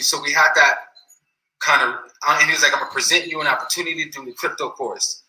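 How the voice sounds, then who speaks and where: A man's voice: medium pitch, steady tone, brisk, pushed and bright. A man telling a story in a casual, rambling way, full of slang and repeated phrases, in an echoey room.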